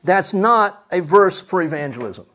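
A man's voice: high voice, lively intonation, unhurried, fairly bright tone. A man preaching a sermon, emphatic, asking the congregation rhetorical questions.

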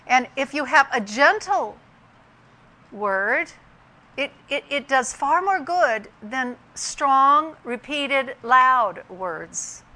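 A woman's voice: high-pitched, pushed and bright. An older woman giving an earnest, reflective personal testimony that weaves in scripture and family stories. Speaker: speaker sharing a personal story.

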